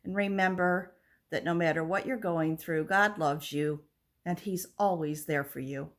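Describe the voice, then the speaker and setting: A woman hosting a doll channel, reading a children's story aloud to camera in a gentle, lilting way. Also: fairly low pitch, measured pace.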